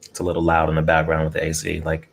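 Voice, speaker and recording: A man with an extremely low, creaky voice talks fast in a monotone while hosting a casual eating stream from home. He is laid-back, greets chat and chuckles frequently. A close desk mic in his air-conditioned room records a little hiss or hum.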